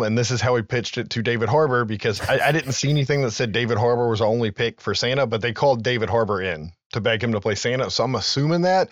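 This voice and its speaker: A man's voice: mid-range voice, quick pace, few pauses, no room sound, dull audio. A man co-hosting a podcast, chatting casually as he recaps film trivia with loose asides and some profanity. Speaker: podcast co-host.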